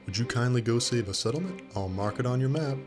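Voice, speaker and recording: A man's voice: medium pitch, lively intonation, fast talker, music in the background, natural voice. A man putting on the voice of an earnest male militia officer who keeps insistently repeating the same requests.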